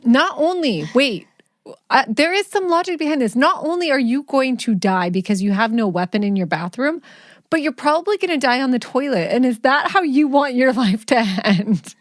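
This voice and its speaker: A middle-aged woman with a fairly high voice co-hosts a casual podcast from home. She talks bluntly and jokes, slipping into little voices for her stories, recorded close and dry with no room sound. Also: animated, normal speed, dry recording. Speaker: podcast co-host, mother.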